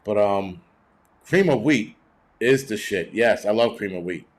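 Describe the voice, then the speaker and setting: A man's voice: on the low side, lively intonation, measured pace. A middle-aged man hosting a livestream, reading chat and ranting bluntly with heavy cursing in a cranky, rambling way.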